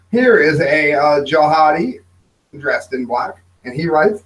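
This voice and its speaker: A man hosting an opinion commentary show, mocking and sarcastic, with sudden shouted outbursts. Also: fairly high pitch, animated, takes it slowly, poor audio. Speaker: host.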